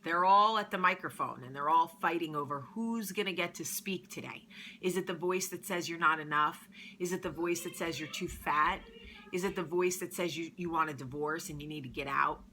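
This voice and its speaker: A woman in her thirties chatting casually as a vlog host, telling stories with lively shifts between murmurs and loud bursts. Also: lowish voice, normal speed, slight background noise. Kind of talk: casual confessional chat.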